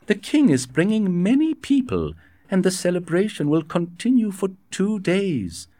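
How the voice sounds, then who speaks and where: A man's voice: sits high, big pitch swings, measured pace, mellow, no room sound, voice pushed up. A man voicing an anxious wealthy nobleman. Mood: worried.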